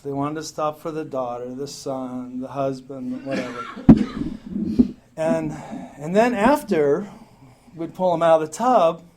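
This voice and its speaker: A middle-aged man tells his recovery story with blunt, profane humor and a pitch a touch higher than most men's. He keeps laughing at himself as he goes. The meeting tape carries a steady, clear hiss. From Salt Lake City, Utah, US. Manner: frank, profane, self-mocking storyteller who laughs often. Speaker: AA meeting speaker. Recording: hissy amateur meeting tape.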